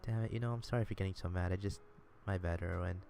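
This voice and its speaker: A man's voice: deep voice, steady tone, fast, gravelly, warm tone, faint music behind. A man streaming live, reading a visual novel aloud in a sardonic, swearing manner.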